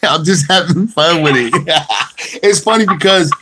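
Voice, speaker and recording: A man's voice: fairly high pitch, expressive, measured pace, loud music behind the voice. A middle-aged man hosting a casual radio show, loose and joking, talking straight to listeners. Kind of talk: casual internet radio chat.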